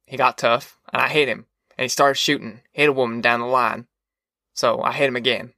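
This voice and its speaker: A weary, level-headed former preacher, as a man puts him on speaks in a plain folksy drawl. The tone is bright and forward, and the audiobook sound is dry and close. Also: medium pitch, fairly even intonation, fairly quick, no room sound. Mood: calm. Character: weary calm ex-preacher man, middle-aged.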